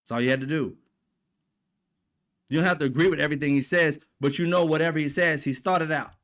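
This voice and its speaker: A man's voice: on the high side, fast, a bit bright. A man hosting his own commentary channel, delivering a heated, profane political rant. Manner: profane, fired up, repetitive.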